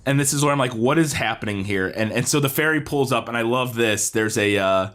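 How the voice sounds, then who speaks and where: A man co-hosts a podcast and walks through a bad movie scene by scene. He jumps between asides, laughs often and swears freely. His pitch sits in the middle for a man. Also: a little fast. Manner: animated, swearing, laughing recap. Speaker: podcast co-host. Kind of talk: casual movie-review chat.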